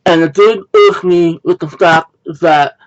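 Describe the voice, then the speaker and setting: A man talks through a movie review in a loose, rambling way, stopping to correct himself and sounding a little exasperated. His voice sits a touch high for a man. The recording is dull and lo-fi, as if picked up by the wrong microphone. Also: fairly even intonation, a little slow. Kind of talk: casual video review. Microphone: wrong built-in mic instead of the intended USB mic.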